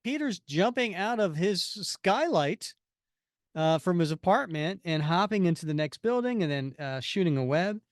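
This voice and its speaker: A man's voice: high voice, lively intonation, moderate pace, no room sound, clean studio sound. A man co-hosting a podcast who reads a comic aloud and acts out the dialogue with energy. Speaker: podcast co-host. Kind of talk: casual chat and reading aloud.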